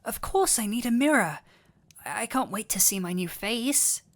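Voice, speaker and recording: A woman's voice: a little high, animated, measured pace. A woman voicing a sweet, clumsy male dullahan boyfriend in an audio role-play, tender and giddy with affection. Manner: tender, giddy and affectionate, playful self-teasing. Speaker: voice actor.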